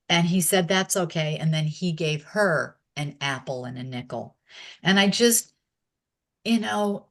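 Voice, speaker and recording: A woman being interviewed, chatting casually as she recalls old stories and laughing often. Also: on the low side. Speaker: interview guest.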